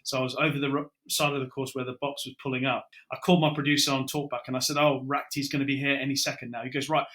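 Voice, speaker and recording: A middle-aged British broadcaster spins stories in an easy podcast chat. His voice is bright and clear. He slips into the lines he and others said as he tells each tale. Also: mid-range voice, rapid-fire, hardly any pauses. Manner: lively storyteller, acts out his own quotes. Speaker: broadcaster guest. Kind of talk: casual podcast chat, anecdotes.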